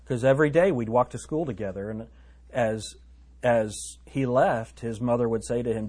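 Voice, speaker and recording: Guy teaching bible verses, kinda husky voice, chatty and jokey, reads scripture aloud. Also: medium pitch, brisk, a little mellow. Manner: chatty and joking, laughing at his own asides and reading scripture aloud.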